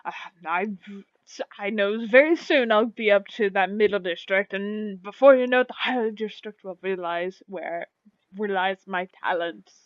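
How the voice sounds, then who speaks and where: A woman's voice: mid-range voice, moderate pace, no room sound, muffled recording, close to an everyday voice. A woman voicing an eager, flustered male shopkeeper who stammers to please. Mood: flattered.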